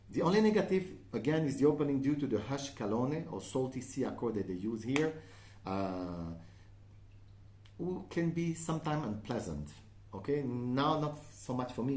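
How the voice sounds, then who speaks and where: In a roomy-sounding perfume review, a man with a mid-range, darkish voice speaks with a French accent, being a native French speaker. He's chatty, peppering his talk with "uh" and frequent "okay?" check-ins.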